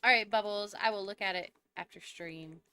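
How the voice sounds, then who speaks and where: A woman chats with her stream while she plays, giggly and talkative. Her voice is smooth and clear, and she answers her viewers' questions easily. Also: medium pitch, moderate pace, bright, forceful tone, dry recording. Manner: chatty and giggly, answering chat. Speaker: live streamer. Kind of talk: casual chat with viewers while gaming.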